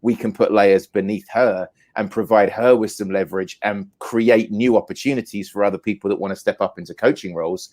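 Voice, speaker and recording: A man with a British accent, a team leader, talking through his work in a casual podcast chat, rising in pitch when he makes a point. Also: steady tone, brisk, few pauses, darkish tone. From England.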